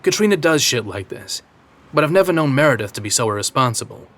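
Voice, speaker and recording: A man's voice: mid-range voice, animated, fast talker, fairly bright tone, pitched above the performer's own voice, lightly acted. A man voicing a proper, fussy male butler with a British accent, formal and fretful. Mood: fretting.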